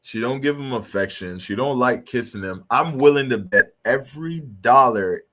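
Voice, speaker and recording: A man's voice: mid-range voice, expressive, moderate pace, bright, forceful tone. A man hosting a live stream, reacting to clips with blunt, profane, mocking commentary.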